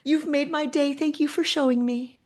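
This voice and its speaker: A woman's voice: high-pitched, normal speed, pitched above the performer's own voice, lightly acted. A woman doing a giddy middle-aged hotel man. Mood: delighted. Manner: excited, gushing. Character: delighted middle-aged male hotel worker in a suit.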